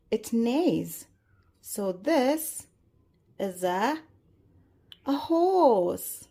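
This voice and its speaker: A woman teaching toddlers in a slow, exaggerated, sing-song way, gasping and making animal sounds. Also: mid-range voice, dark tone. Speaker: children's educator. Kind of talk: toddler learning video.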